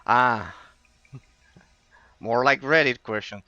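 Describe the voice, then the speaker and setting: Guy streaming, bright forceful voice, keeps repeating himself and tripping over words. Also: mid-range voice, takes it slowly, dry recording, lo-fi sound. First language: Spanish. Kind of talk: casual stream chat with viewers.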